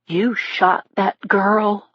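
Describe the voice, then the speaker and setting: A woman voicing a grieving, vengeful teenage boy who makes slow, low threats, in an audiobook. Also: flat delivery, slightly rough, no echo, muffled recording. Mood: menacing.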